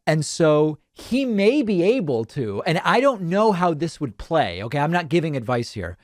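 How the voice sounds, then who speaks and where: A man hosting a call-in political talk show, thinking out loud with animated emphasis. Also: fairly high pitch, moderate pace, dry recording, studio quality.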